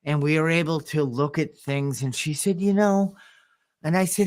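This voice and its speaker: A man co-hosting a podcast, telling a story from his coaching work in a casual, halting way with restarts and throat clearing. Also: a little high, a little mellow. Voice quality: visually impaired speaker.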